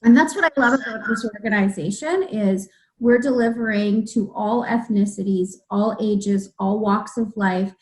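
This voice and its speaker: A woman's voice: mid-range voice, moderate pace, rough recording. A woman hosting an interview, sharing heartfelt stories from her volunteer deliveries. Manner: heartfelt storytelling. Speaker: interview host. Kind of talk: casual interview talk.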